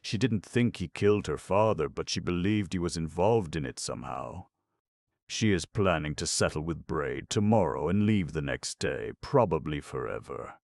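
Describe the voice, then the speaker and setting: Proper old aunt in an audiobook, read by a man, low gravelly voice, measured. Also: expressive, darkish tone, no echo, studio quality. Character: proper older Boston aunt. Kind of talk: audiobook narration.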